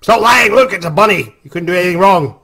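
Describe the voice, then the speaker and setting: A Scottish man voicing an indignant mother who scolds her child loudly and emphatically. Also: high-pitched, animated, fast, husky, voice pushed up, full character voice. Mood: scolding.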